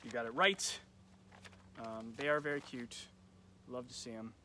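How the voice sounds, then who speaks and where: A man's voice: mid-range voice, unhurried, sharp tone, slight background noise. Young man hosting live nature trivia. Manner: chatty, loose, lots of ums. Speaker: nature center camp educator. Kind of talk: casual live-stream trivia. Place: nature center. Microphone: phone or camera on a live stream.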